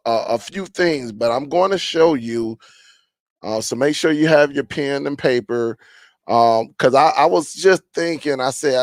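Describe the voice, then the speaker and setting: A man hosting a casual live stream chat, greeting viewers and reading their comments aloud in a relaxed, rambling way with many fillers. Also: medium pitch, no room sound.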